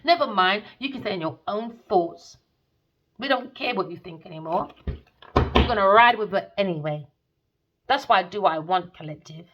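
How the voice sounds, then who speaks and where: A woman deals her tarot reading as a bitter rant, sarcastic and scornful. She swears freely and drips "darling" with contempt, with her pitch sitting in an ordinary middle range. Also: expressive, normal speed, muffled recording. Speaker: tarot reader.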